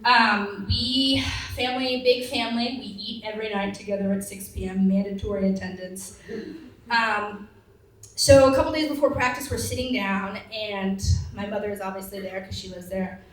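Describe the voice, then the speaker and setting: A woman in her twenties performing a stand-up set, telling stories in an animated way and acting out the people in them. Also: medium pitch, moderate pace. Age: 20s. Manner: animated storytelling with acted-out quotes. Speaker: stand-up comedian. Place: comedy venue with a live audience. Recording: roomy venue mic picked up from a distance, audience laughter.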